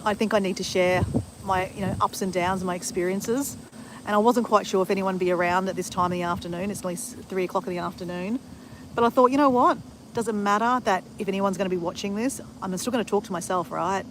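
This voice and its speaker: A woman's voice: mid-range voice, quick pace, background noise. Chatty woman outdoors. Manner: chatty, rambling, often adds "right?". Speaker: live streamer. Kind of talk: casual live-stream monologue. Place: outdoors at a bushland cemetery.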